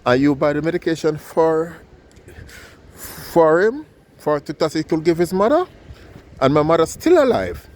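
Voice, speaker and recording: A man voicing a kind male surgeon who gently and earnestly reassures a poor woman. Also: fairly high pitch, big pitch swings, normal speed, pauses often, slight background noise, voice pushed up. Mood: reassuring.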